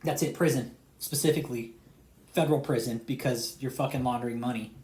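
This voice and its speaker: A man giving a heated, profane rant to his subscribers as an online commentator. He swears constantly, repeats himself, and swings between loud outbursts and low sarcastic asides. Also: fairly even intonation, fairly quick. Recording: roomy echo.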